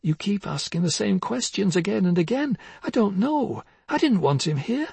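Man doing a timid, pleading wife, soft and high, husky, for a dramatic audiobook. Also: lively intonation, normal speed, no echo, exaggerated voice. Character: frightened, pleading middle-aged wife.

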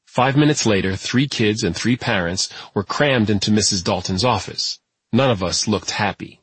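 A man narrating a first-person audiobook in a dry, wry, even delivery. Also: fairly low pitch, moderate pace, breathy edge, no room sound.

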